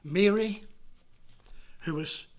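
Slow, earnest male preacher with a high voice, leans into soft near-whispered moments. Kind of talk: sermon.

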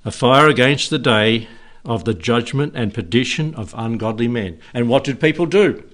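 A man preaching a sermon and leading a prayer in a church, earnest and emphatic, with long pauses. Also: mid-range voice, expressive, a bit bright.

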